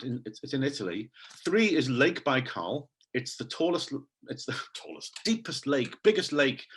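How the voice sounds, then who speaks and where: A man leading an online teacher training session over a video call, enthusiastic and animated as he quizzes his audience. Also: on the high side, slightly rough. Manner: quizzes the audience, reads names from chat.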